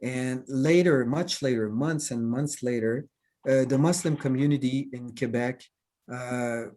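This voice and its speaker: A man's voice: mid-range voice, unhurried, darkish tone. A man with a Québécois French accent, a cartoonist whose first language is French, talking casually over a video call, hesitant and full of fillers and restarts.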